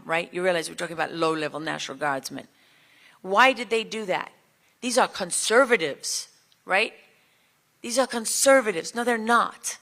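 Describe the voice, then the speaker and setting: A woman's voice: medium pitch, bright, forceful tone. A woman giving an impassioned speech at a summit, firing rhetorical questions at the crowd. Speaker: speaker at a border summit.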